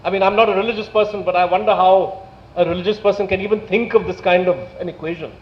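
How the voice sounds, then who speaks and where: A man with an Indian English accent giving a public lecture, indignant and full of rhetorical questions, slowing down for emphasis. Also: high-pitched, steady tone. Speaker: speaker at a public talk. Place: lecture hall. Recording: echoey hall, dull lo-fi sound.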